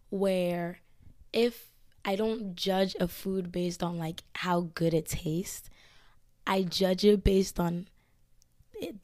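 A young woman hosting a casual podcast, hoarse from losing her voice to illness, rambling with lots of fillers. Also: fairly low pitch, a little mellow, no echo, clean studio sound. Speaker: podcast host. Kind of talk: casual chat. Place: indoors, filmed for a video podcast.

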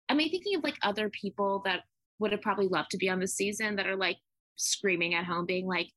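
Bright, gushing young woman podcaster. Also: medium pitch, brisk, dry recording. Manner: gushing, acts out her own thoughts in quotes, swears casually. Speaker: podcast co-host. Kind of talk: casual chat.

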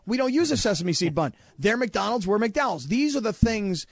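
High-voiced man bantering on a sports show. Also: big pitch swings, normal speed, vocal fry, hardly any pauses. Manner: rambling, questioning, playful. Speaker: sports talk show host. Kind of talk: casual studio banter.

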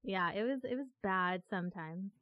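A woman hosting a casual chat, animated and quick to exclaim. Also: medium pitch, dry recording. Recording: dull, lo-fi audio with faint music.

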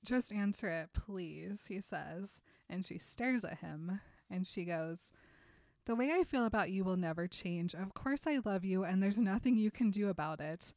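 A woman co-hosting a casual chat, reading book passages aloud in a softer voice and laughing often. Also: mid-range voice, expressive, a little slow, dry recording. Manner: reads quotes softly, laughs often. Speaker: podcast co-host.

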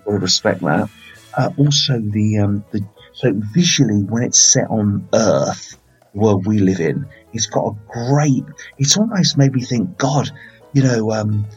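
A man's voice: on the low side, lively intonation, unhurried, breathy edge, dull audio, soft background music. A man hosting a casual film review podcast, rambling and playful with lots of fillers.

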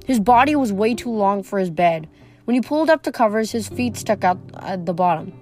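A woman reading a novel aloud in a steady, plain storytelling voice. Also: mid-range voice, brisk, soft background music. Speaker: reader. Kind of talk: audiobook reading.

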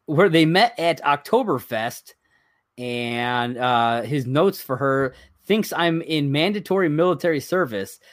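A man's voice: fairly high pitch, expressive, unhurried, fairly bright tone, dry recording, clean studio sound. A man co-hosting a podcast, chatting casually as he reads items from a list, rambling and chuckling along the way. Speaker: podcast co-host. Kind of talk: casual chat.

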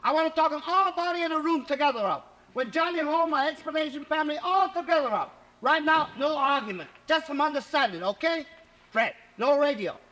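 A man's voice: very high voice, fairly quick, pushed and bright. A bossy Chinatown father. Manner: broken English, bossy. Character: stubborn immigrant father in Chinatown, head of family. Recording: film soundtrack clip.

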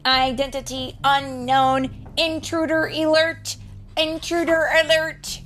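A woman voicing an automated security computer in a storybook reading, announcing in a flat tone. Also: sits high, slow, voice pushed up. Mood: alarmed.

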